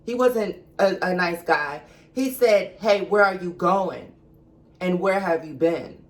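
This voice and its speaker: Slow-talking woman telling a storytime. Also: on the low side. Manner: chatty, confiding, dramatic retelling, talks to viewers as girl and baby. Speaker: vlogger. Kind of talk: storytime vlog.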